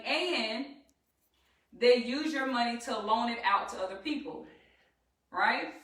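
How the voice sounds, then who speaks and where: A woman's voice: fairly high pitch, a bit bright. A woman with a Southern US accent teaches a live-streamed trading lesson, calling out to viewers as y'all in a chatty, rallying way. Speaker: trading instructor. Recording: echoey room, distant from the mic.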